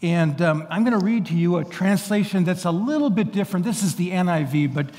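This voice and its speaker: Male pastor, high voice, emphatic sermon delivery, stumbles and restarts, long church reverb. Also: expressive, brisk, a little mellow. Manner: earnest, emphatic preaching with frequent restarts. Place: large church sanctuary.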